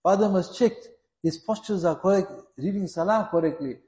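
A man's voice: high-pitched, moderate pace, a little mellow. A man preaching a sermon, speaking earnestly and repeating his points to press them home. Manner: earnest, repetitive, exhorting. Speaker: Islamic preacher. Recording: echoey room.

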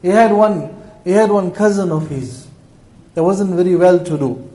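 A man preaching a sermon to his congregation, telling a moral story with impassioned, emotional appeals, swinging between loud passages and hushed ones. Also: sits high, normal speed, poor audio.

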